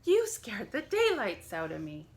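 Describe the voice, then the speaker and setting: A woman voicing a tiny old woman in a storybook, shrill and scolding, the stern mother of a giant. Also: wildly swooping pitch, measured pace. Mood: startled.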